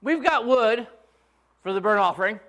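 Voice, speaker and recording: Man doing a curious young boy, high and eager, brighter and raised, sermon retelling. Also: expressive, moderate pace, vocal fry, full character voice. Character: young boy questioning his father.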